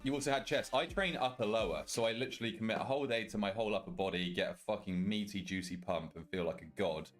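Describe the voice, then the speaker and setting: A man's voice: on the low side, fast talker, few pauses, faint music behind. A young British man, a streamer reading and answering his chat in loose, casual talk and swearing freely. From Britain. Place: walk-in wardrobe at home.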